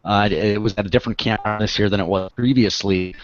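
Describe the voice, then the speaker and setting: A man's voice: fairly low pitch, steady tone, fast. A man co-hosting a live online training, chatting in a laid-back, joking way. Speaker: co-host. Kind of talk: casual live webinar chat. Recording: dry, dull online call audio.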